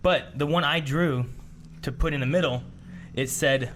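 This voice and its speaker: A man's voice: a little high, normal speed, a bit bright, a little hiss or hum. A man co-hosting a podcast, telling an anecdote in casual chat and acting out what was said in a lifted voice. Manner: storytelling, quotes others in raised voice. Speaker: podcast co-host.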